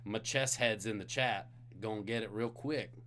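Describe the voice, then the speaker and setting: A man's voice: fairly low pitch, normal speed, fairly bright tone, a little hiss or hum. A man from Singapore hosting a live-streamed trivia night, reading questions with jokey, playful asides to the chat. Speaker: trivia host.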